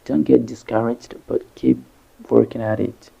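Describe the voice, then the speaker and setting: A man teaching English vocabulary, breaking each word into syllables slowly and carefully. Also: medium pitch, flat delivery, creaky, lo-fi sound. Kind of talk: vocabulary lesson narration.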